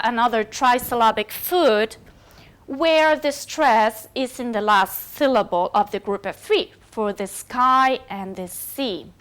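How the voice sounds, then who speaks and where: A woman's voice: on the high side, a bit bright, clean tone. A woman whose first language is Spanish, giving a recorded university lecture with many fillers and self-corrections.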